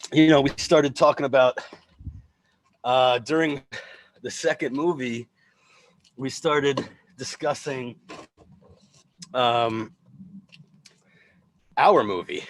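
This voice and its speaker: A man's voice: mid-range voice, takes it slowly, pauses often, fairly bright tone. A man hosting a casual livestream chat, joking, laughing often and rambling with fillers over a video call. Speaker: host.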